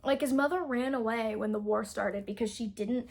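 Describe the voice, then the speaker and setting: A woman's voice: a little high, moderate pace. A young adult woman casually recapping a novel's plot as a book reviewer, rambling and saying "like" constantly. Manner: rambling, heavy use of "like".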